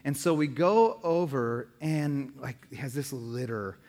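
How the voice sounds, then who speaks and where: A man's voice: mid-range voice, expressive, measured pace, a little mellow, in a large hall. A man in his thirties, a pastor, preaching a sermon full of humorous stories. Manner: humorous storytelling.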